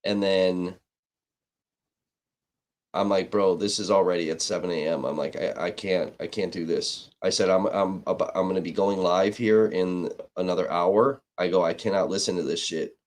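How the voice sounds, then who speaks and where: A man's voice: low-pitched, fairly even intonation, moderate pace, a little mellow. A man live-streaming, telling a rambling, heated story in casual chat, swearing freely and restarting his sentences. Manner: heated, profane, with frequent restarts.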